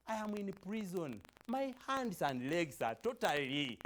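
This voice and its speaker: A man's voice: sits high, big pitch swings, measured pace, fairly bright tone, a little hiss or hum, full character voice. A man reciting as a worried imprisoned father. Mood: anxious. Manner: plaintive, repetitive searching questions. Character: worried imprisoned father longing to write home.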